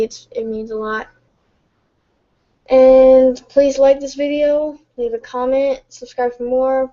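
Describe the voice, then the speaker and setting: Tired girl talking late at night, kinda high voice but mellow, halting and emotional, muffled lo-fi mic. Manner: soft, halting, emotional, with stumbles and restarts. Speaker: vlogger. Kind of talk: late-night confessional live stream. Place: home, at night.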